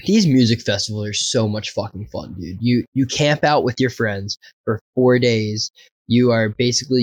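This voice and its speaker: A man in the middle of a casual story, peppering it with curses and chuckles. His voice sits at an ordinary middle pitch. The sound is dry and close, with no room around it. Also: no room sound, dull audio. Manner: profane, laughing, animated anecdote. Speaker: podcast co-host.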